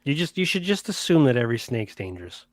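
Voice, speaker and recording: A man's voice: medium pitch, very animated, fast talker, dry recording. Laid-back male podcast co-host, dry close recording. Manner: easygoing, laughs along. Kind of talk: casual podcast chat.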